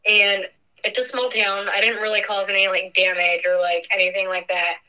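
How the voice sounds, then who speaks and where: Bright-voiced young woman recalling loss. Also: medium pitch, little pitch movement, low-quality recording. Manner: earnest, halting, frequent fillers. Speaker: interviewee. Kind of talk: personal recollection.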